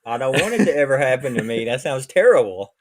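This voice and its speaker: A man co-hosting a podcast in casual comedic chat, playful and quick to joke and laugh. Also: mid-range voice, very animated. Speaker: podcast co-host. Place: podcast recording.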